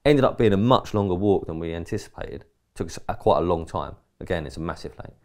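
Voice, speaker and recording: A man's voice: deep voice, lively intonation, quick pace, darkish tone. A man from England co-hosting a podcast, telling a rambling anecdote in casual chat and acting out quoted dialogue with mild swearing. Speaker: podcast co-host.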